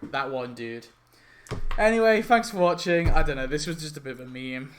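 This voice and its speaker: A man's voice: on the high side, normal speed, a bit bright, a little hiss or hum. A young man talking to camera in a casual vlog, exasperated and ranting, swearing a lot, with many ums and restarts. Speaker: YouTuber.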